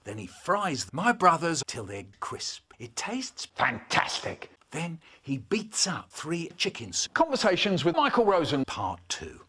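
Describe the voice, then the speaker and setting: Husky man telling animated stories slowly. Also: a little high. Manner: animated storytelling with sudden shouts and silly voices. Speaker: children's poet reading stories. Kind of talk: spliced comedic remix of storytelling clips.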